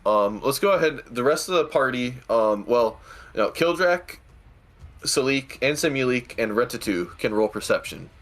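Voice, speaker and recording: A man's voice: medium pitch, lively intonation, normal speed, a bit bright. A man narrating as game master of a tabletop game, hesitant with restarts. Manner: hesitant, many fillers and restarts.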